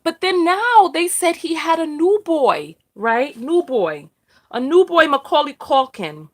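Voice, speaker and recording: A woman hosting a casual live discussion, animated and repeating her points for emphasis. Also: sits high, unhurried. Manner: acts out quoted people. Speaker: host.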